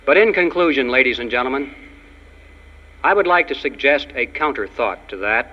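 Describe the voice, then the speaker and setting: A man's voice: mid-range voice, expressive, normal speed, slight background noise. A man giving an emphatic, ironic political speech to an audience, with jokes. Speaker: public speaker. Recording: dull lo-fi archive recording of a speech in a long-reverb hall.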